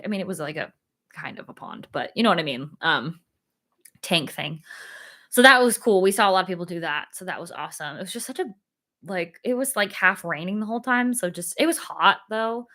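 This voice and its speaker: A young woman hosting her own live stream, chatting casually and excitedly, with many fillers and laughs and sudden high squeals.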